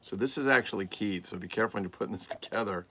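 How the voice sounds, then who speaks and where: A man's voice: lowish voice, rapid-fire, pushed and bright, a little hiss or hum. A man hosting a casual livestream, putting together a collectible mask while chatting and cracking crude jokes to his viewers. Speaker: toy collector livestream host. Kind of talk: casual unboxing livestream chat.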